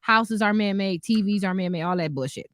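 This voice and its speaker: A woman's voice: medium pitch, brisk, fairly bright tone, dry recording, studio quality. A woman co-hosting a podcast in casual chat, reacting expressively and throwing in sassy retorts. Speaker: podcast co-host.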